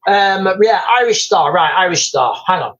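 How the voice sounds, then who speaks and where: A man's voice: high voice, lively intonation, normal speed, a bit bright, highs cut off. A man hosting a live commentary stream. He talks urgently and informally, repeats his points and keeps calling his viewers "guys".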